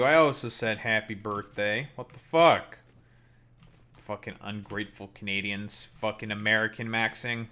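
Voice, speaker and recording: A man's voice: lowish voice, fairly even intonation, moderate pace, sharp tone, clean tone. A man streaming a game, chatting casually with viewers in a crude, profane, teasing way. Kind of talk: casual live-stream chat while gaming. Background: keyboard typing.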